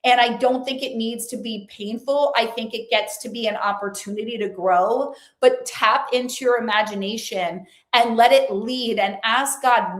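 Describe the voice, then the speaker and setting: A woman's voice: on the high side, moderate pace, hardly any pauses. Woman vlogger, earnest and chatty, talking to camera in an echoey room. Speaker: lifestyle and faith vlogger. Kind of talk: casual motivational talk to camera.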